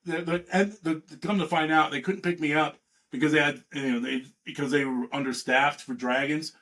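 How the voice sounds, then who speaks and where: A man in his fifties from California, a veteran guest telling rambling, profane stories in a casual, animated way. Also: fairly high pitch, moderate pace. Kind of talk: casual storytelling.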